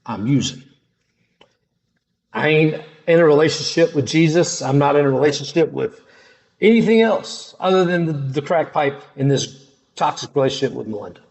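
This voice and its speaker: Middle-aged man, personal testimony storytelling, slangy and dramatic, lively swinging pitch, somewhat high voice. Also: moderate pace. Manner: animated, dramatic, casual slangy speech.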